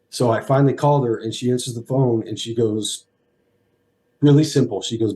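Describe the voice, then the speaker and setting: A man's voice: mid-range voice, steady tone, dark tone. Emotional man telling his story. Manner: earnest, halting with restarts. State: emotional, near tears. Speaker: guest, former pro football player.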